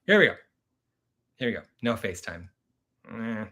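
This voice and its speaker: A man's voice: lowish voice, very animated, moderate pace, bright, forceful tone. A man hosting a casual live stream, chatting and rambling, laughing often as he talks.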